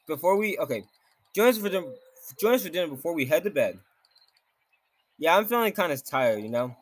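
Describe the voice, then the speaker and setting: A man's voice: sits high, animated, normal speed, pauses often, no room sound. A man giving jumpy gameplay commentary, exclaiming often and reading game text aloud. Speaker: game streamer.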